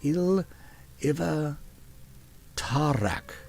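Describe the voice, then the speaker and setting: A man's voice: a little high, very animated, extremely slow, creaky, a little mellow, soft background music, voice pushed up, heavily acted. A man voicing a curious young elf woman learning to pronounce orc runes. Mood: eager.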